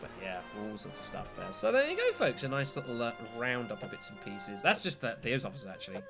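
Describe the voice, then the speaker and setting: A man hosting a casual video game let's play, chatting in a lively way and swearing freely. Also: medium pitch, quick pace, vocal fry. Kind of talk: casual gameplay commentary. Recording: game music behind. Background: game music.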